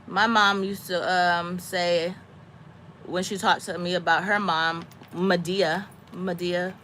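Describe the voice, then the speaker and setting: A woman in her thirties or forties, a mother talking casually with a friend, animated and dramatic, breaking into high squeaky voices when she quotes herself. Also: slow pace, slight background noise. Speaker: homesteading mom chatting with a friend. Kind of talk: casual chat.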